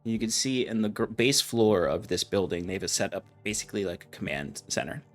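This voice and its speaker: A man serving as game master, describing scenes at an easy pace with casual fillers. His voice sits low, with faint music underneath. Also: fairly bright tone. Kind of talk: narrating a tabletop game.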